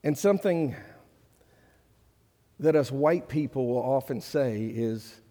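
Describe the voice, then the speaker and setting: Taking it slowly with long pauses, a middle-aged pastor with a mellow, medium-pitched voice preaches in a church sanctuary. He's earnest and conversational, building toward emphatic peaks, with long hall reverb on the recording.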